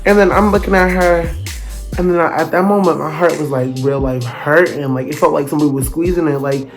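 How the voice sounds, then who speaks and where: A young man narrating a storytime vlog in an animated, dramatic, slangy way. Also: on the high side, fairly quick, soft background music. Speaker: vlogger.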